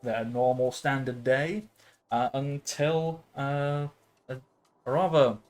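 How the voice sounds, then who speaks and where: A man in his late twenties runs a tabletop game in a steady, slow, mid-range voice with a darkish tone. His casual narration is rambling, peppered with filler sounds and frequent laughs, and faint music sits behind him.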